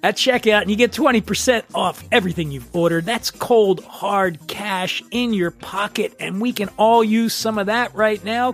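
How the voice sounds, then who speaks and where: A man's voice: high voice, normal speed, few pauses, a bit bright, soft background music. A man hosting a podcast and reading sponsor ads in a jokey, rambling, self-mocking way. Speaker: podcast host. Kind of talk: casual ad read.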